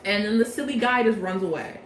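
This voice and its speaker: Bubbly young woman recapping a story. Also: medium pitch. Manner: bubbly, jokey, acts out quick character quotes. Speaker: storyteller recapping a game plot. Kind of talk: casual chatty plot recap. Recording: echoey room with faint background noise.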